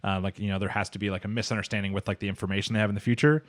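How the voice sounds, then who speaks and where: Male podcast host, low voice, rambling recap full of fillers. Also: flat delivery, racing, dry recording, studio quality. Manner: rambling, lots of fillers, acts out characters' lines. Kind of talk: casual anime recap chat.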